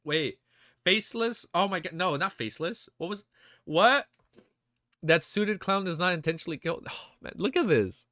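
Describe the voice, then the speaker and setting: A man live-streaming his reactions, excitable and hyped, with casual slang and swearing. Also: sits high, normal speed, no echo, studio quality. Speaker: streamer reacting to a web novel.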